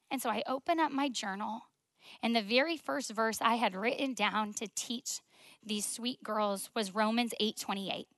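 Bright-voiced young woman telling testimony. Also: on the high side, no room sound. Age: 20s. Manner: emotional storytelling, many "like" fillers, softens to near whisper. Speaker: speaker sharing testimony. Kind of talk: faith testimony talk.

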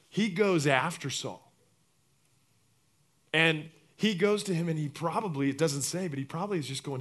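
Man, pastor, sermon, slightly high voice, acts out quotes, loud to hushed swings. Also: expressive, normal speed.

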